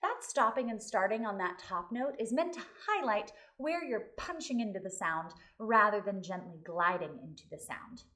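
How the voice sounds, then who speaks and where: A woman voice teacher giving a vocal lesson, explaining clearly and singing short demonstrations. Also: medium pitch, lively intonation, normal speed, hardly any pauses, sharp tone, distant mic.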